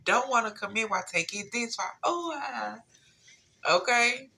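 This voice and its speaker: A woman giving a casual tarot reading, talking straight to her viewers in a relaxed, slangy way. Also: on the high side, unhurried, creaky. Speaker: tarot reader.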